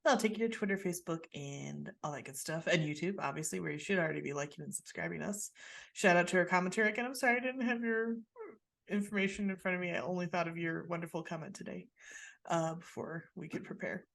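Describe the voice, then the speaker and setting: A woman hosting a podcast in relaxed casual chat, talking in a rambling, self-deprecating way with many restarts. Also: fairly low pitch, quick pace, gravelly. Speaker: podcast host.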